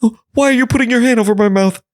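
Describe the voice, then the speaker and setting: A man voicing a flustered grieving sister with a shrill, panicky voice. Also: rapid-fire, dry recording, studio quality. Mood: alarmed.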